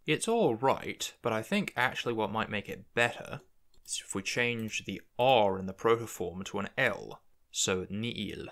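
A man's voice: fairly low pitch, lively intonation, normal speed, a bit bright. A man hosting a language-building tutorial, thinking aloud as he works through word forms. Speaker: conlang video host. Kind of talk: screen-recorded tutorial narration.

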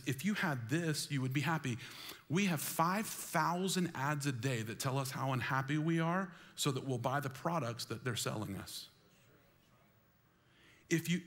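A man preaching a sermon with high energy, calling on the congregation to join in and repeating phrases for emphasis. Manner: energetic, calls on the congregation to respond. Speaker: pastor. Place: church sanctuary.

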